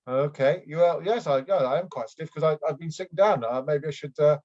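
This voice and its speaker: A man's voice: on the high side, brisk, darkish tone, lightly acted. A man improvising a bumbling, unfit middle-aged aristocrat who rambles and keeps restarting his sentences, heard over a video call. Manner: rambling, hesitant, full of ums and restarts. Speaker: improv performer. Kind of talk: improvised comedy scene. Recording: dull lo-fi video call audio.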